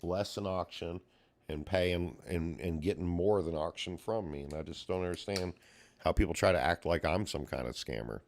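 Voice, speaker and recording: A man's voice: low voice, moderate pace. A man streaming live, talking in a profane, heated rant with rising exasperation and mimicking other people in quotes. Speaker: livestreamer and puzzle collector. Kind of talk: ranting livestream talk.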